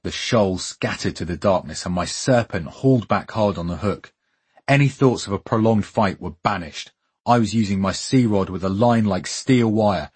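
A man narrates a first-person memoir in a fairly low, husky voice. His reading is wry and vivid, with a dramatic sense of pacing. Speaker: storyteller.

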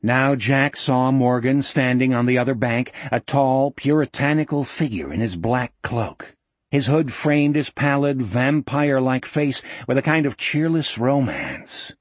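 A man narrating an audiobook in a measured, vivid storytelling manner. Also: mid-range voice, animated, no room sound.

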